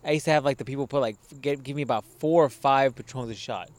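A man from Arizona co-hosting a casual podcast chat. He is animated and swears freely, laughing at his own jokes. His voice sits at an ordinary pitch in a dry space with no room sound. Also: fast talker, no room sound. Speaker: podcast co-host.

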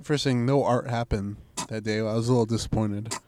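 A young man chats casually with a co-host. He tells stories with animated swings, swearing freely and acting out what people said in a louder voice. His pitch sits in the middle range. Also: fairly quick, a little hiss or hum. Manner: animated storyteller, swears, acts out quotes loudly. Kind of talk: casual chat.

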